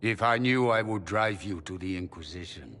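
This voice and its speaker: A remorseful older father and magister in a game scene. His voice sits very low and speaks with measured, apologetic pleading, with faint ambient sound behind it. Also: a bit bright, a little hiss or hum. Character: remorseful aging male magister, a stern father. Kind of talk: game character dialogue.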